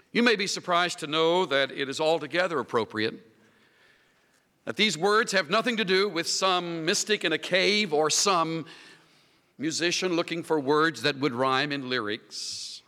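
A male preacher delivering a sermon, reading scripture in a measured, solemn way. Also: on the high side, pushed and bright, no room sound.

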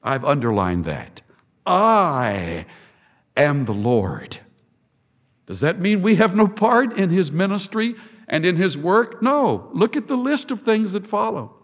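A man preaching a sermon with emphatic delivery, dramatic pauses and heavy repetition. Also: high voice, big pitch swings. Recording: long hall reverb.

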